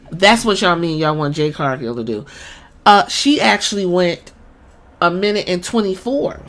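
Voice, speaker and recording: A woman hosting a podcast, retelling wrestling events in an animated, profane, storytelling way. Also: on the low side. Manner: animated storytelling with acted-out quotes and cursing. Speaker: podcast host. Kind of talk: casual wrestling recap.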